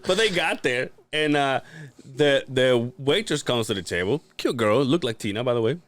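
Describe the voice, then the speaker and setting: A man's voice: medium pitch, expressive, moderate pace, fairly bright tone, dry recording. A man co-hosting a podcast, telling rambling stories in casual chat, swearing freely and laughing often. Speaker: podcast co-host.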